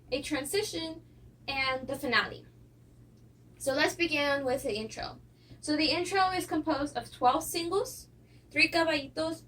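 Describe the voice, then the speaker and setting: A young woman, light and high-voiced, teaches a dance lesson, guiding students through footwork and calling out the step counts with small laughs and fillers. The mic sits at a distance, and a steady, clearly audible noise runs beneath her.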